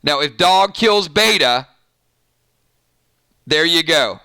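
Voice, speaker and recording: Excitable male stream host, slightly high voice, dry close sound, chats straight to viewers. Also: slow pace, vocal fry, clean tone, no echo. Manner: excitable, laughs often, talks to viewers directly. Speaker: host of a TV review channel. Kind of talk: live-stream chat reading viewer comments.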